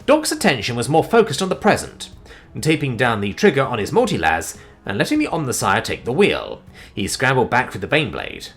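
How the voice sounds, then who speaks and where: Lively male story narrator. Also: brisk, faint music behind. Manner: animated and expressive, with sudden swings in pitch and loudness.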